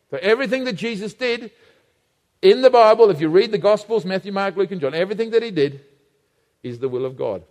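A man's voice: a little high, darkish tone, big-room sound. A man preaching a sermon, emphatic and fond of repeating phrases for effect.

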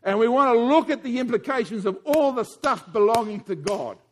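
A man preaching a sermon in a church, animated and playful, often putting questions to the congregation. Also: very high-pitched, fairly quick, a little hiss or hum.

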